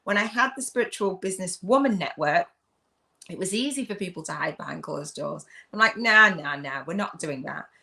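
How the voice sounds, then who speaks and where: A middle-aged English woman from the UK, hosting a live video chat as a spiritual business coach, loud and effusive with frequent laughs. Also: on the low side, animated, fairly quick, gravelly.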